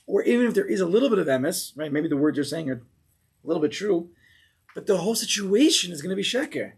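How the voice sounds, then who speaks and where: A man teaching a relaxed Torah class, his voice a little high and husky. He talks animatedly, throwing in sudden loud impressions of angry people. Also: fast talker.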